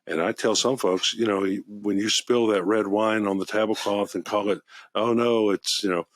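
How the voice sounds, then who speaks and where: Talking at a moderate pace, this man hosts a wine shop podcast and keeps it casual, drifting cheerfully between stories with clear enthusiasm for wine. His voice is somewhat low, and the close, dry recording has no room sound.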